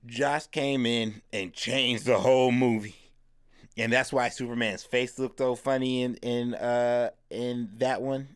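A man's voice: medium pitch, fairly even intonation, a little slow, clear, resonant tone, dry recording, clean studio sound. A man co-hosting a podcast, talking casually and explaining a story at length with lots of fillers. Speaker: podcast co-host. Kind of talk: casual chat.

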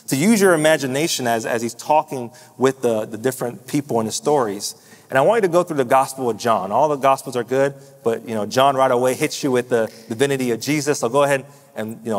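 A man preaching a sermon as pastor, telling a story with quoted dialogue and slowing down to stress key words. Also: medium pitch. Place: large church sanctuary. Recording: long hall reverb.

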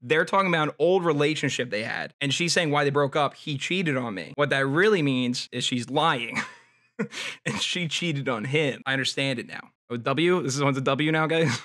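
A man's voice: mid-range voice, moderate pace, sharp tone. A man streaming live, reading a book aloud and reacting casually with wry, mocking asides, frequent laughs and casual swearing. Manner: reads text aloud then comments with frequent "like" and "I mean".

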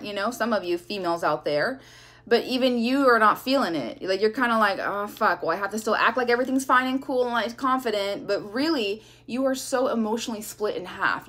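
A woman's voice: a little high, a bit bright. A woman giving a casual tarot reading, talking bluntly with lots of swearing and a sassy edge. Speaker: tarot reader.

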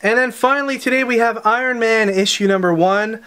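A man with a notably high voice runs through the week's comic arrivals in a casual unboxing style. He lists the releases one after another at a brisk clip and drops in short offhand comments between titles. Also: pushed and bright, smooth. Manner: brisk title-by-title listing with quick asides. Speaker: comic shop host presenting new releases.

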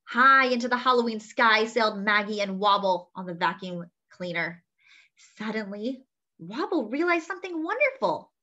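A woman reading a children's picture book aloud, lively, often turning to ask her young listeners questions. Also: mid-range voice, normal speed. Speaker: children's story reader. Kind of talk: read-aloud storytelling for children. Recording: dull lo-fi sound.

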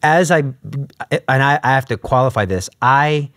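A man's voice: mid-range voice, a little slow, fairly bright tone, no room sound, clean studio sound. A man telling his faith story in a conversational interview, acting out his own past dialogue. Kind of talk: conversational testimony.

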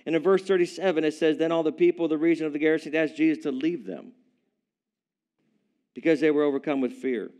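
Male preacher with a slightly high voice, playful storyteller, jokes with the congregation. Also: quick pace. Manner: playful, animated, chuckling asides to the congregation. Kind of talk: humorous storytelling sermon. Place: church service with a live congregation.

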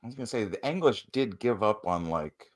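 A man's voice: on the low side, lively intonation, a little fast. A man from the United States on a live stream, making dry, pedantic remarks. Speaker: stream co-host.

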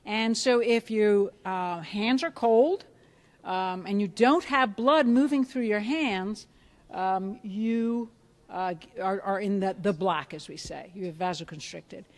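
A middle-aged woman, a biofeedback clinician, giving a lively hands-on workshop, asking the audience questions and acting out reactions. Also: medium pitch, slow pace. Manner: animated, asks the audience questions, acts out reactions. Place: conference room with a live audience.

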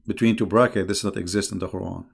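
Sarcastic man with a gravelly voice. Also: low-pitched, fairly even intonation, quick pace. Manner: sarcastic and mocking, chuckling often. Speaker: online religious debate host. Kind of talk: casual livestream commentary.

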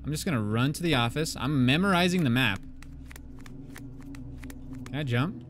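A young man giving let's play commentary on a horror game, swearing and shouting at jump scares, his voice going hoarse from screaming. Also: mid-range voice, animated, normal speed, a little hiss or hum. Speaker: gaming YouTuber. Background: game music.

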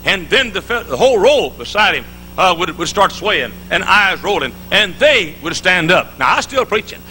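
A man's voice: high-pitched, big pitch swings, normal speed, bright, forceful tone, a little hiss or hum, low-quality recording. A middle-aged man preaching a live conference sermon, telling folksy stories with jokes and frequent restarts. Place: large conference hall.

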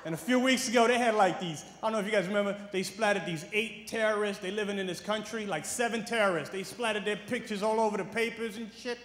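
A man from New York with a New York accent doing a brash, profane stand-up comedy set, swinging from muttering to shouting. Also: high voice, fast, few pauses. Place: large comedy venue with a live audience. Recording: echoey hall with crowd noise.

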